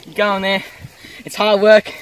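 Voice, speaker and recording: A man's voice: sits high, monotone, normal speed, a bit bright, distant mic, a little hiss or hum, low-quality recording. A young Australian man giving an easygoing outdoor tutorial by a creek, explaining things plainly. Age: young adult. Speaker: vlogger. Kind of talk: casual outdoor tutorial chat.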